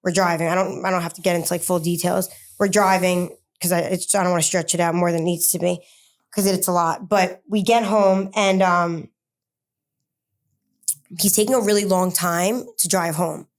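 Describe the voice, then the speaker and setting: A woman, an interview guest, recounting a personal story in a halting way, with many fillers and restarts and rushed bursts of words. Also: fairly low pitch, fairly even intonation.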